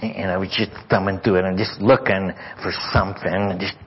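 A deep-voiced male guest preacher with a husky, breathy tone tells a story in a church, stammering through repeated words. He often lowers to a near whisper for tender moments. The recording sounds dull and lo-fi. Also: flat delivery, brisk. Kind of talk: sermon storytelling. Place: church sanctuary.

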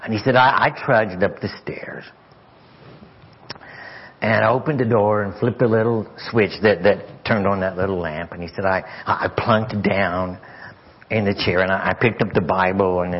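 Deep husky preacher, dull church audio. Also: male voice, fairly even intonation, moderate pace. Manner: stammering repeats, drops to hushed whisper at tender moments. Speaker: guest preacher. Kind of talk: sermon storytelling. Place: church sanctuary.

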